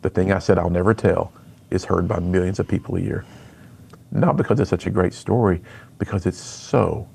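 A man's voice: low voice, normal speed, gravelly, a little mellow, husky. A middle-aged man, a speaker and author, telling his personal story earnestly in an interview.

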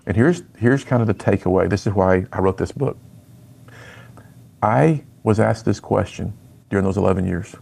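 A man's voice: fairly low pitch, moderate pace, gravelly, darkish tone. A middle-aged man, a youth speaker and author, telling his personal story in an interview with earnest storytelling and acted-out dialogue.

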